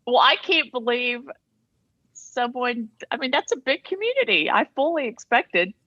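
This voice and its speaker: A woman's voice: sits high, animated, a little slow, bright, forceful tone, dry recording. A woman on a video call chatting in a meeting, thinking aloud with fillers, over dull lo-fi call audio. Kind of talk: casual meeting chat.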